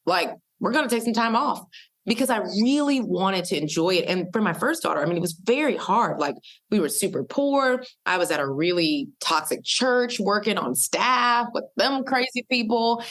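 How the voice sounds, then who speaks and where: A woman in her thirties, a podcast guest telling stories in an animated, casual way and acting out the people she quotes. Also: medium pitch, moderate pace. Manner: lively, uses voices for quoted people. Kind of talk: animated storytelling in casual conversation.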